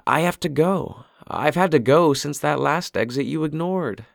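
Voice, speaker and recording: A man's voice: fairly high pitch, normal speed, creaky, no room sound, studio quality, voice pushed up. A man voicing a blunt, headstrong young wife who talks in a pushy way. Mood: impatient.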